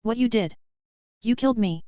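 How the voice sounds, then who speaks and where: A woman's voice: fairly high pitch, normal speed, mellow, dry recording, dull audio, natural voice. A woman reading a furious, betrayed young queen in an accusing voice. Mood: angry. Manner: angry, accusing.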